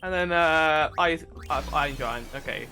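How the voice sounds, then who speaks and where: A chatty man with a bright, forward voice talks his way through a game, reacting and musing aloud. He sits a little higher than most men in pitch, with soft game music behind him. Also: normal speed. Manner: chatty, excitable, thinks aloud. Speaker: let's play host. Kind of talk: casual gameplay commentary.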